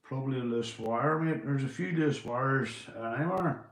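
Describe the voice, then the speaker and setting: A man's voice: medium pitch, normal speed. Chatty Northern Irish man, echoey room. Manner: chatty and swearing, giving shout-outs to viewers. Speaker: live streamer. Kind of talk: casual live-stream chat. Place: indoors at home.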